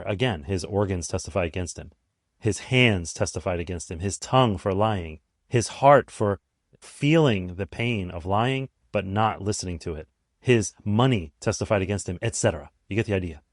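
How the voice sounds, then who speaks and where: A man in his forties hosting a podcast, telling a personal story in a conversational, animated way with self-reflective asides. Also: on the low side, dry recording, clean studio sound. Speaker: podcast host. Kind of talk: storytelling monologue.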